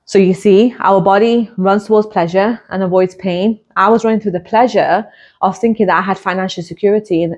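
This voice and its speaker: A woman who hosts a podcast and coaches as a hypnotist gives a personal monologue in a lowish voice, heard through a muffled recording. She talks candidly and reflectively, building her points with repeated parallel phrases.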